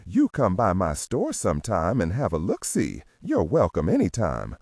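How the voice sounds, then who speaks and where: A man voicing a hearty, nosy small-town store owner, with a husky voice that jumps up in pitch. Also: huge pitch swings, moderate pace, darkish tone, no room sound, clean studio sound, exaggerated voice.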